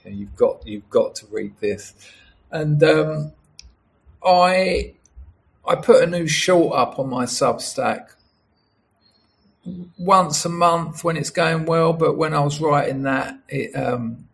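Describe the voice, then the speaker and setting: A middle-aged man with a gravelly voice talks casually, stopping and restarting often. He acts out the voices of the people in his stories as he rambles through them. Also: a little high, takes it slowly. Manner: rambling, many restarts, acts out quoted dialogue. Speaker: writer and storyteller. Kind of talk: casual monologue.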